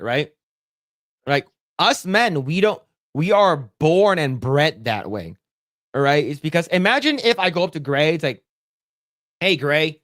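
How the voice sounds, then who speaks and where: Blunt, profane man with a higher voice. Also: no room sound, studio quality. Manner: blunt, profane, lively storytelling. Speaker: podcast co-host. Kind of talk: casual podcast chat.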